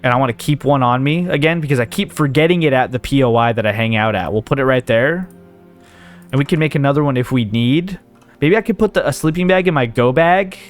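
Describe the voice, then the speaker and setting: Soft background music plays as this gaming host, a fast talker with a medium-pitched voice, sorts through his inventory. He rambles and thinks aloud in casual let's play style while hiccuping.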